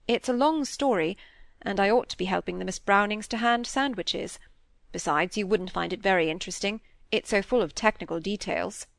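A woman voicing a kind, earnest young man who is a scholar, in a gentle and polite audiobook reading. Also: medium pitch, normal speed, creaky, dry recording, lightly acted.

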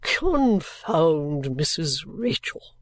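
A woman doing a gruff, blunt old gentleman. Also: low-pitched, very animated, dry recording, clean studio sound, pitched below the performer's own voice, exaggerated voice. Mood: grumbling. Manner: slow, blunt, grumbling. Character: gruff odd older gentleman in a coach.

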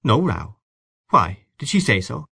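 A man's voice: mid-range voice, sing-song, measured pace, gravelly, bright, forceful tone, slightly rough, no room sound, studio quality, full character voice. A man reading aloud and voicing a proud, touchy husband who speaks in a clipped, cool way. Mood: moody. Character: proud, touchy middle-aged husband, curt and moody.

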